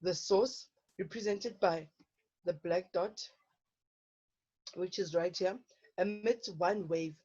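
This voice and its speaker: Woman, science teacher, mellow tone, dull lo-fi recording. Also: fairly low pitch, slow pace, pauses often, soft background music. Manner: checks in with frequent "okay?". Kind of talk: online lesson explaining problems. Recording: dull lo-fi online lesson audio.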